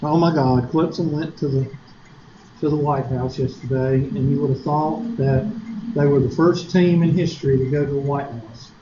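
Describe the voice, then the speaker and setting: A man's voice: medium pitch, steady tone, moderate pace, highs cut off, background noise. A man with a South Carolina Southern accent lecturing a math class, chatty and joking, asking the class rhetorical questions. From Upstate South Carolina, US. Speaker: college math teacher.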